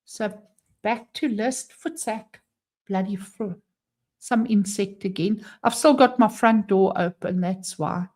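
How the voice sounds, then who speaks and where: A woman's voice: mid-range voice, takes it slowly, darkish tone. A woman from South Africa with a South African English accent, hosting a casual live stream from home, chatting, laughing often and reading out viewer comments. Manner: chatty, laughs often, reads chat aloud. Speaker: livestream host. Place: home with front door open.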